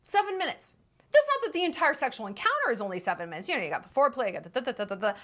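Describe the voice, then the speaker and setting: High, lively sarcastic woman ranting. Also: rapid-fire. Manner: sarcastic, incredulous, emphatic. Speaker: commentary YouTuber. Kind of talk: sarcastic commentary rant.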